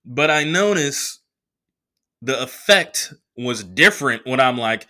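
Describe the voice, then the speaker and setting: Young comedian guy from the bay riffing, swoops up high doing voices, bright punchy tone, swears a lot. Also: slow. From San Francisco Bay Area. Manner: animated, profane, acts out quoted voices. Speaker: comedian podcast host. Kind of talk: casual storytelling monologue.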